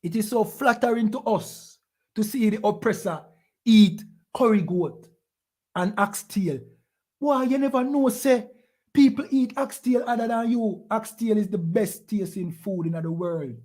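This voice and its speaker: A Jamaican man with a high voice for a man preaches with fervour. He scolds his listeners and keeps asking them questions. Patois slips into his speech. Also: measured pace, a little mellow. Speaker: preacher teaching a class. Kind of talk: impassioned preaching.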